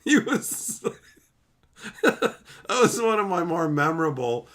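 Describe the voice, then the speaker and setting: A man's voice: fairly high pitch, slow. A man streaming casually, reading chat and ranting, with frequent swearing and voiced impressions. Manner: animated, swearing, mimics others.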